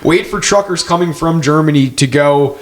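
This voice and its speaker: A man's voice: fairly high pitch, moderate pace. A man co-hosting a podcast, telling crude stories in a rambling, profane, laughing way. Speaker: podcast co-host. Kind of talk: crude casual chat.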